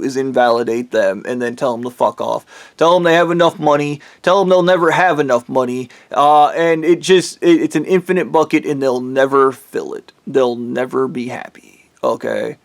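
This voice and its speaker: A man's voice: medium pitch, moderate pace, no room sound. A man delivering a heated, profane, rambling rant in a solo vlog. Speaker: vlogger. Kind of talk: ranting monologue.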